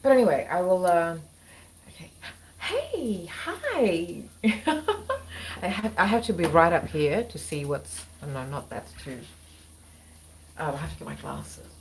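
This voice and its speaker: A woman's voice: low-pitched, normal speed, rough recording. A woman hosting a casual live chat, rambling, apologizing and breaking off mid-thought. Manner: rambling, apologetic, self-interrupting. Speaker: livestream host. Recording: clear cooking noise behind.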